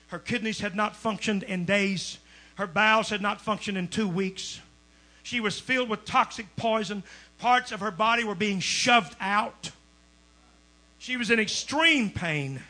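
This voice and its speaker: A man preaching a Pentecostal sermon as a guest preacher, telling a testimony, swinging from hushed storytelling to shouting. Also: high voice, a little slow. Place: church sanctuary.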